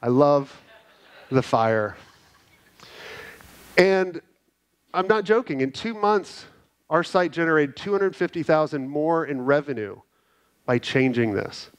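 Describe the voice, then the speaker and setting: A middle-aged man giving an energetic, animated conference talk, telling stories and checking in with the crowd with "right?". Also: a little high, takes it slowly, pauses often, clear, resonant tone. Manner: energetic, animated storytelling with frequent "right?" tags. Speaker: conference speaker. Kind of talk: keynote talk to a live audience. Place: conference hall.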